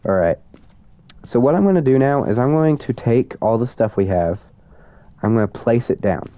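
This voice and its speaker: A man's voice: medium pitch, expressive, moderate pace, no echo. A young man giving casual commentary on a horror game, nervous and self-mocking as he talks to his viewers. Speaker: student gamer. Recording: dull lo-fi sound.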